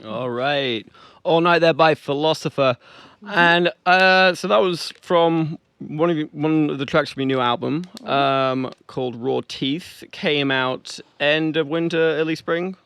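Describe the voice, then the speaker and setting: A man hosting a radio music show, asking questions in a relaxed way with many fillers. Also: fairly high pitch, unhurried, clear, resonant tone, no room sound. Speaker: radio host. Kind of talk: casual radio interview. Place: radio studio.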